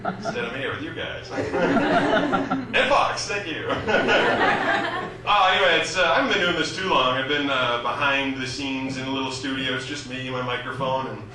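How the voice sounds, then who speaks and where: A man's voice: mid-range voice, normal speed, a crowd in the background. A young man from Massachusetts with a Boston accent doing a wry, self-mocking stand-up set in a small comedy club. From Massachusetts, USA. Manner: wry, self-mocking storytelling, loose and chatty. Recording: echoey club from a distant camera, audible noise.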